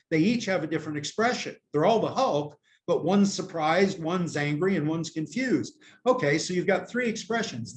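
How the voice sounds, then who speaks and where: An older man from the United States tells long, wandering stories in a casual interview, poking fun at himself and leaning on "you know." His voice sits a little higher than most men's, and it comes through a laptop's built-in microphone. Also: slight background noise. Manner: rambling, self-mocking storyteller with many "you know"s. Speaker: interview guest. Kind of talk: casual video-call interview chat. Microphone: laptop camera microphone.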